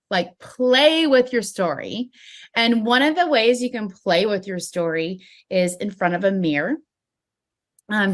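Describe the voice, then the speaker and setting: A woman giving an upbeat, animated network-marketing training talk, speaking with a smile in her voice. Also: on the high side. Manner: upbeat, animated, smiling delivery. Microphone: phone.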